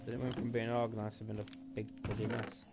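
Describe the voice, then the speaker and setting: A man's voice: on the low side, little pitch movement, fast talker. A tired man, thinking aloud as he plays a building game. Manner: thinking aloud, rambling and musing. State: tired and sleepy. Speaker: gaming streamer. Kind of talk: casual gameplay commentary. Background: background music.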